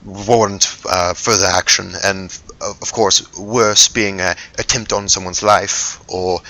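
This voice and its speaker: A man's voice: low-pitched, fairly even intonation, unhurried, bright, forceful tone, rough recording. A man narrating as game master, rambling with many fillers and frequent laughter.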